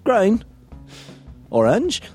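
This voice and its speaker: A man's voice: sits high, wildly swooping pitch, drawn-out words, a little mellow, slightly rough, faint music behind, pitched above the performer's own voice, heavily acted. A man playing himself in a mock British accent, listing colours in an exaggerated, rising, playful way. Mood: mock posh.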